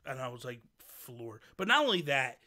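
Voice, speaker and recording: A man hosting a casual livestream chat, an animated and long-winded storyteller who wanders off on tangents. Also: medium pitch, normal speed. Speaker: show host.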